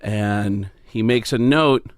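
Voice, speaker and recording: A man's voice: on the low side, takes it slowly, smooth, no room sound, clean studio sound. A man, a comedian guest on a podcast, telling stories in an easygoing way with many fillers. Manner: easygoing, storytelling, stumbles over fillers. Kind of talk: casual chat.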